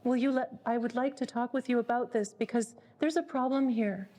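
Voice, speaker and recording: Woman playing a patient mother, calm, gentle but firm, quick and even. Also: a little high, voice pushed down, natural voice. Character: patient mother calmly addressing her daughter.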